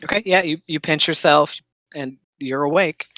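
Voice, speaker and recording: A game master narrating a tabletop game, setting eerie scenes slowly and with pauses. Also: medium pitch, a bit bright, poor audio.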